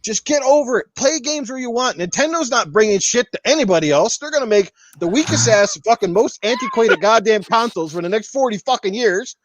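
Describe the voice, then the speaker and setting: A man's voice: very high-pitched, lively intonation, brisk, hardly any pauses. A man hosting a podcast, ranting with heavy profanity and mocking the people he argues against. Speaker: podcast host. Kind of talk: heated casual podcast rant.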